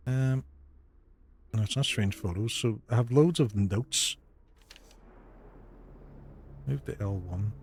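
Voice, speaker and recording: A man's voice: fairly low pitch, a little slow, slight background noise. A man with a Northern Irish Derry accent streaming a game live, thinking aloud in a chatty way and swearing casually. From Northern Ireland. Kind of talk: casual live gameplay commentary.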